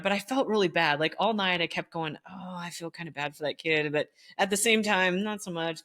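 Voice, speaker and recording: Woman, former teacher, low-pitched, animated storytelling, quotes people in voices. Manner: animated, acts out quoted voices, laughs while telling. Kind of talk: casual storytelling chat.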